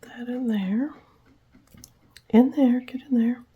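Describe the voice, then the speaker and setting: Soft-whispering woman crafting slowly. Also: on the high side, narrow, tinny audio, slight background noise. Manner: whispers while working with her hands, talks to herself. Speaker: journaling channel host.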